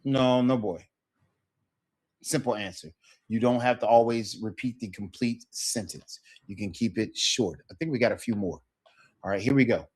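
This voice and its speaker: A man's voice: lowish voice, normal speed, slightly rough. A man teaching a casual Spanish lesson, talking loosely and checking in with "right?" as he acts out sample phrases.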